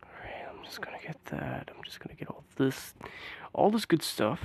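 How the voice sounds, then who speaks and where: Commenting casually over his own gameplay, a man gets excitable, with frequent exclamations and groans, sometimes sinking into a soft, whispered mutter. His medium-pitched voice moves at a normal speed and sounds slightly rough, with vocal fry.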